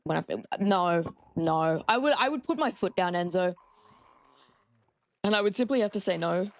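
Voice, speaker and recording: A woman's voice: lowish voice, no echo. Chatty Australian woman streaming a game. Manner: chatty, swears freely, talks to chat. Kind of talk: casual live-stream gameplay commentary.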